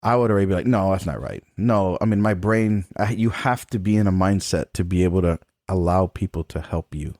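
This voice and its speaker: A man's voice: low voice, fairly even intonation, fairly quick, hardly any pauses, darkish tone, no echo, clean studio sound. A middle-aged man, a trombone professor, telling a personal story as a podcast guest in a frank, casual way, swearing freely and laughing between points. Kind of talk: candid conversational storytelling.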